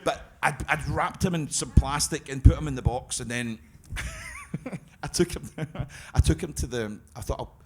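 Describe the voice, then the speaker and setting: A man's voice: a little high, huge pitch swings, a little slow. A man with a Glasgow accent tells rambling, sweary stories on a live podcast stage. He laughs through his lines and often restarts them. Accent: Scottish, Glasgow. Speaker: guest storyteller.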